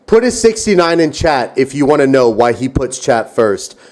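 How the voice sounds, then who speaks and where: A young man hosting a stream, talking in a playful, teasing and excitable way. His voice sits at a medium pitch and swings up and down a lot as he jokes. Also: normal speed. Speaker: streamer host. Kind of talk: casual chat.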